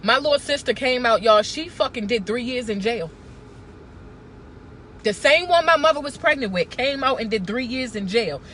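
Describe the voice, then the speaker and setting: A woman's voice: on the high side, animated, normal speed, a bit bright, a little hiss or hum. A woman, talking to camera in a blunt, profane, emphatic casual rant. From Baltimore. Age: 30s. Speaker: vlogger.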